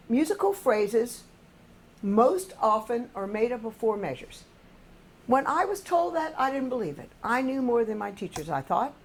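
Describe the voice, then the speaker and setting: A woman's voice: on the high side, creaky, darkish tone, slightly rough. An older woman, a choir music director, patiently explaining musical phrasing to a singing class and humming short examples.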